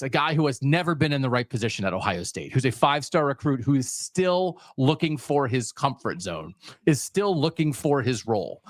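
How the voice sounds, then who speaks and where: A man's voice: medium pitch, no echo. A man co-hosting a sports podcast, making emphatic points in long, piled-up lists. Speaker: podcast co-host.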